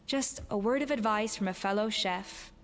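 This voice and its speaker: A woman voicing a composed female head chef in a video game, speaking in a calm, measured and gently reproving manner. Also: medium pitch, slight background noise, natural voice. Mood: firm. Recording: game audio with long reverb and faint music.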